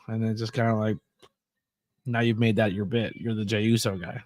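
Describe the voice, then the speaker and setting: A man with a lowish, slightly mellow voice and little pitch movement talks fast while hosting a casual livestream, recorded in studio quality with no room sound. Sleepy and yawning, he chats loosely and laid-back while watching wrestling, laughing at his own stories.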